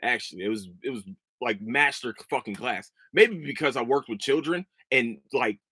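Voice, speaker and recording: A man's voice: a little high, a bit bright, no echo, clean studio sound. A man in his thirties hosting a podcast, telling a story as a profane, heated rant. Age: 30s. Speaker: podcast host. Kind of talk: casual chat.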